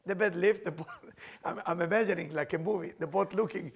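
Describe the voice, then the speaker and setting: A middle-aged man teaching a spiritual class in non-native English phrasing, animated and acting out the people he quotes. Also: high voice, a little fast, vocal fry, slightly rough. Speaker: Kabbalah teacher.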